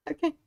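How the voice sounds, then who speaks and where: A woman's voice: very high-pitched, dark tone, rough recording. A woman streamer giving live reaction commentary on a debate, giddy and laughing through her words, swearing casually.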